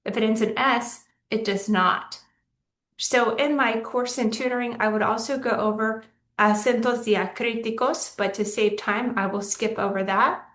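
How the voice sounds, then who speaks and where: A woman's voice: on the high side, fairly even intonation, measured pace, a bit bright, reverberant, recorded from a distance. A woman teacher from Texas giving a recorded lesson, patiently explaining step by step with examples. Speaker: Spanish teacher.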